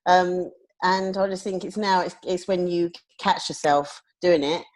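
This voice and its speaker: A woman's voice: lowish voice, unhurried, a little hiss or hum. A woman co-hosting a podcast in casual chat, talking candidly and reflectively and laughing often. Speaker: podcast co-host.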